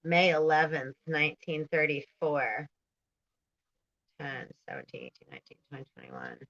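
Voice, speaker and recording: This woman, who hosts a spiritual channel, has a deep voice with huge pitch swings, a fairly bright tone and cut-off highs, speaking at normal speed. She reads aloud and comments casually as she goes. She stumbles over hard words, laughs and drifts into asides.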